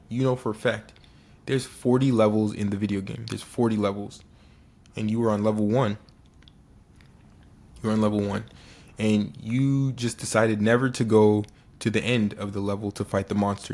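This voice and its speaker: A man's voice: on the low side, darkish tone. A young man giving an earnest, casual motivational talk, often restarting and repeating phrases for emphasis. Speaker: motivational speaker.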